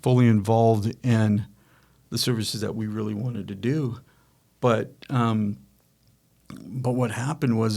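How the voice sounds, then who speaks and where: A man's voice: on the low side, fairly even intonation, takes it slowly, long pauses, dark tone. A middle-aged man hosting a podcast, telling a family business story in a rambling, self-correcting way and acting out quoted dialogue. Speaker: podcast host, company founder. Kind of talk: casual storytelling chat.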